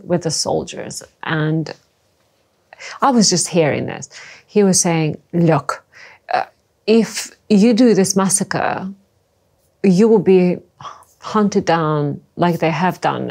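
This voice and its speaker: A middle-aged woman from the former Yugoslavia, recounting her past in a halting, emotional personal testimony. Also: fairly low pitch, a little mellow. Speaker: interview guest.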